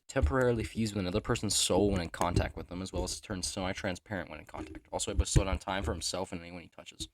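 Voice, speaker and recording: Young man, deep voice, fast, casual reading, jokey asides, dry close sound. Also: no echo. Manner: rushed, joking asides, stumbles over his own text. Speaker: writer reading his own character profiles. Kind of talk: casual reading of written notes.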